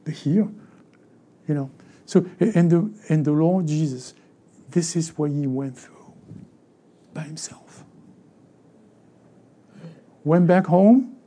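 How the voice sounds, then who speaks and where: A man with a French accent preaching a sermon as a pastor, animated and acting out other people's voices. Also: a little high, unhurried. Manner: animated, acts out voices of church members.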